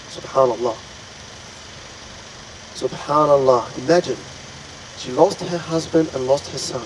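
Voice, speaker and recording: A man's voice: mid-range voice, a little slow, pauses often, a little hiss or hum, rough recording. A man earnestly retelling an Islamic story to an audience, dramatic and full of pious exclamations. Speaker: religious storyteller.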